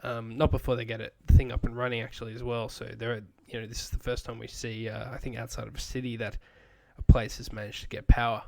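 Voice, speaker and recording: A man's voice: mid-range voice, level tone, fast, vocal fry, hardly any pauses, darkish tone. Man rambling through a casual recap. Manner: rambling recap with many fillers, asks questions. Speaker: podcast co-host. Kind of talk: casual chat.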